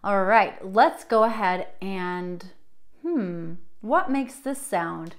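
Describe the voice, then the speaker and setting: A woman's voice: mid-range voice, animated. A young woman teaching a children's music class, encouraging and sing-song, drawing her words out for little kids. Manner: bright, encouraging, slow and drawn out for young children.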